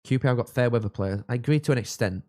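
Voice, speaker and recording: A young man from England, hosting a live football watchalong and chatting with viewers, reacting loudly to goals. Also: medium pitch, fast. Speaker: livestream host.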